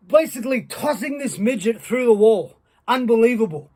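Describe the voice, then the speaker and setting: Husky-voiced man telling a rowdy story. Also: very high voice, normal speed. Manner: rambling, profane, building excitement. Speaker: storyteller, former wrestler. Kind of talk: casual anecdote.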